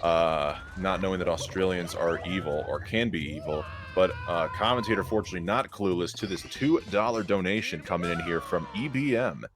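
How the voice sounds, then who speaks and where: A man giving energetic, joking live play-by-play commentary on a speedrun race. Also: deep voice, a little fast, hardly any pauses. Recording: music playing behind.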